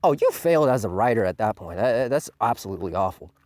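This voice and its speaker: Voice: medium pitch, very animated, fast, darkish tone, no echo. A manga reviewer ranting casually, profane and scornful, tossing in "man" at nearly every turn. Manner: profane, scornful, says 'man' constantly.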